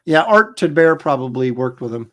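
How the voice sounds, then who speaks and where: Chatty middle-aged man, fairly high voice. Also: moderate pace. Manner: relaxed, chatty, reads viewer comments aloud. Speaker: comic artist and show co-host. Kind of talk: casual livestream chat.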